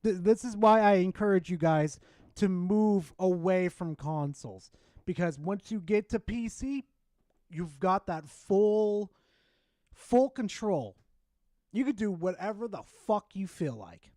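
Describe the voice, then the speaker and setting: A man hosting a live stream in casual chat, excitable and swearing freely as he talks to his viewers. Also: high voice, a little slow, dry recording, clean studio sound. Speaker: streamer host.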